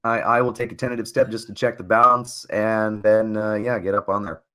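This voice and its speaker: A man playing a tabletop game in character, speaking in a measured, persuasive way. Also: fairly low pitch, level tone, a bit bright. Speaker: player. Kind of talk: in-character tabletop role-play.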